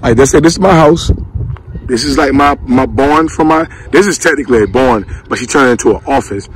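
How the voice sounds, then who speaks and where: A man's voice: mid-range voice, fairly quick, a little hiss or hum, rough recording. A young man casually vlogging outdoors as a dog breeder, slangy and loose, talking straight to his viewers. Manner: loose, chatty, addresses viewers directly. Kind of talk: casual slangy talk to camera.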